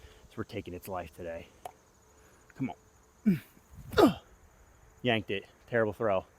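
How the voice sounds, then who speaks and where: A young disc golf vlogger films himself outside, describing every throw in a fairly low, sing-song voice that takes its time. He swings between eager pleading and groans, with insects chirping around him.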